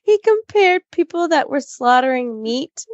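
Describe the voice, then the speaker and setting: A woman co-hosting a comedy podcast who speaks slowly and laughs easily, echoing the host's lines back. Her voice is a little high and very lively, recorded dry and a bit dull. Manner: laughs easily, echoes what the host says. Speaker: podcast co-host. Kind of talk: casual comedy chat.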